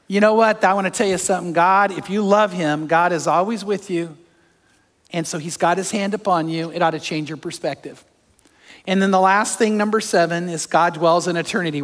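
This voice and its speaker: A pastor preaching a sermon to a congregation, his voice going from loud storytelling down to soft, hushed appeals. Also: high-pitched. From California. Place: large church hall. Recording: long hall reverb.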